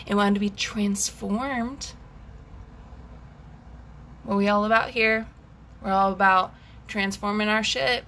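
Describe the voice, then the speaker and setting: Intense, bright-voiced woman breathwork coach. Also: fairly high pitch. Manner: intense, emphatic, swears freely. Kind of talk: guided scream and breathwork session.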